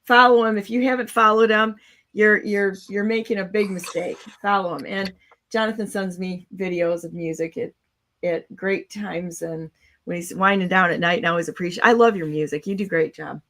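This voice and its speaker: A woman's voice: mid-range voice, steady tone, moderate pace, fairly bright tone. A woman hosts a casual online talk show. She talks in a blunt, cynical way and rambles from one point to the next, and she comes through over a video call. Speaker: show host.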